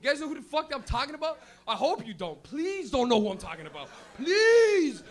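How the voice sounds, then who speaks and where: A young man with a Canadian accent doing a loud, rambling stand-up set in a club, laughing at his own jokes. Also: very high voice, sing-song, brisk. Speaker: stand-up comedian. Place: comedy club, live audience.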